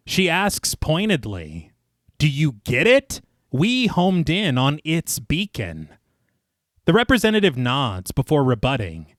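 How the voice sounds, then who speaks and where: A fairly high-voiced man narrates a horror film scene by scene, his pitch swinging widely as he dramatizes each beat. He drops into a lower voice for quoted lines and breaks off for laughing asides. The sound is dry and close to the mic. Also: dry recording. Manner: dramatic storytelling, reads movie quotes in a lowered voice, laughs at his own jokes. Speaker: podcast co-host. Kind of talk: scripted film recap narration with casual asides.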